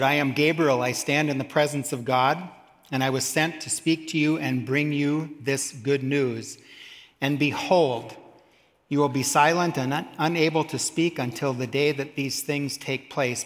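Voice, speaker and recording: A man's voice: mid-range voice, fairly bright tone, in a large hall. A man preaching a sermon, reading scripture aloud and adding humorous asides. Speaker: pastor.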